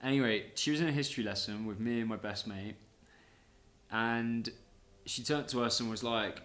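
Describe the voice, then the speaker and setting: A man's voice: mid-range voice, moderate pace, a bit bright, roomy sound. A man telling his own story on a podcast in a chatty way, laughing often between sentences and swearing casually. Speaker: podcast host.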